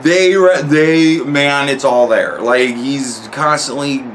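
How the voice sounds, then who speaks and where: A man's voice: medium pitch, steady tone, takes it slowly, a little hiss or hum. A man giving a casual spoken review of a TV series, rambling and swearing a lot, often restarting his sentences. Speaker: show reviewer.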